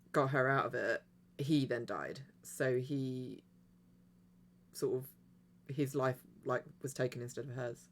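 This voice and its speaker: A woman's voice: a bass voice, a bit bright. A woman livestreaming a video game, chatting casually to her viewers in a rambling way and giggling often. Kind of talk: casual chat while streaming a game.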